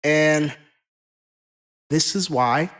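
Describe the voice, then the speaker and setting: A man co-hosting a casual podcast, talking in an animated, profane, rambling way. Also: a little high, drawn-out words. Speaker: co-host.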